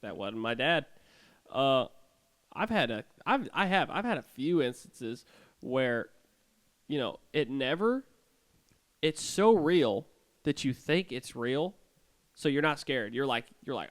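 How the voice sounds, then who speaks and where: A young man co-hosting a podcast, telling his ghost stories in an animated way with sarcastic jokes. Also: mid-range voice, normal speed. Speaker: podcast co-host.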